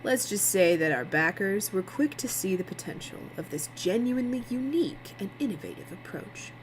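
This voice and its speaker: A woman's voice: mid-range voice, lively intonation, moderate pace, a little hiss or hum, lightly acted, poor audio. A woman voicing a smug male TV producer, sarcastic and needling.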